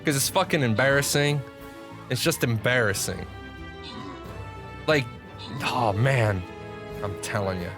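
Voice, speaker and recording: A man's voice: medium pitch, unhurried, long pauses, music in the background. A man streaming live, ranting with lots of swearing and frequent restarts as he talks to his chat. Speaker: gaming streamer. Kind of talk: profane live-stream rant.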